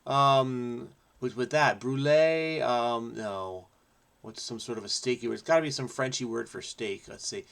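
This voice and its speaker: A man hosting a crossword video, thinking aloud as he solves, playful and energetic, muttering to himself between clues. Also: medium pitch, unhurried, gravelly. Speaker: crossword solving channel host. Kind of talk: thinking aloud while solving a puzzle.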